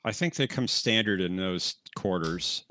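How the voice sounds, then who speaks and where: A man co-hosting a live watch-along, offering dry, informative remarks with quiet amusement. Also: low voice, expressive, unhurried. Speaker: co-host of a show watch-along. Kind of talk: casual live commentary.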